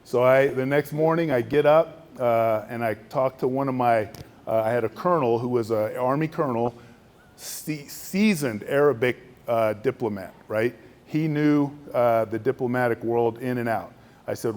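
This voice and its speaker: A middle-aged man, an Air Force general, telling a story in a luncheon speech and acting out the other voices. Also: moderate pace. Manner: animated storytelling, acts out other voices with raised pitch.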